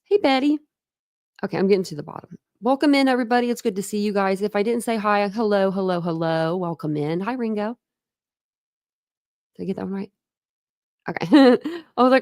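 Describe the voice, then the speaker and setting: A woman's voice: medium pitch, a little fast. A woman at home, chatting casually on her livestream, rambling from one thought to the next and laughing often. Her voice sits mid-range and sounds close and dry, with no room echo. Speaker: true crime livestream host. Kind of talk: casual livestream chat greeting viewers.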